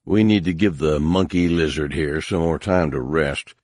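A friendly male pilot joshing a comrade in a deep, dry voice, as a male narrator voices him. His tone is easygoing and joking. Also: moderate pace, darkish tone, no room sound.

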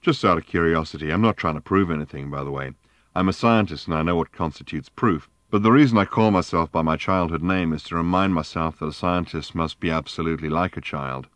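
An eccentric older scientist, calm and earnest, lecturing in a very low, deep voice, as a man reads him out in an audiobook. The sound is dry and close, with no room around it. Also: a little fast, no echo. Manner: earnest, lecturing, calmly reflective.

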